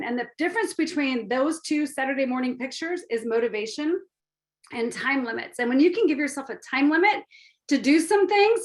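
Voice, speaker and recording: Upbeat high-voiced woman leading an online training. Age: middle-aged. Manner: upbeat, chatty, addresses audience directly. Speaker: business team trainer. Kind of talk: live online training talk. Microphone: video call.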